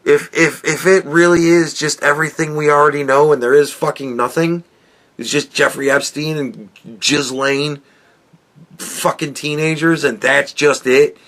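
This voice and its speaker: A man's voice: on the high side, steady tone, measured pace, a bit bright. Profane, rambling male podcast host. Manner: profane, rambling, with frequent restarts. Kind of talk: casual opinion monologue.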